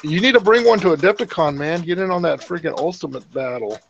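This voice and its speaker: Excitable high-voiced man on dull audio. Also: fast, gravelly, slight background noise. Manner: excitable, playful. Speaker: co-host. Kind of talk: casual chat.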